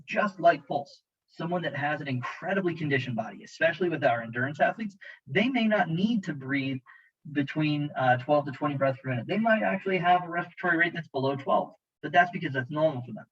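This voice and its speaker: A man narrates a slideshow lecture as an EMT instructor, chatty and joking and speaking straight to his students. His voice sits a bit high. The recording is dull and lo-fi. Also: lively intonation, brisk, a bit bright, breathy edge. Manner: jokey, conversational, talks to students directly.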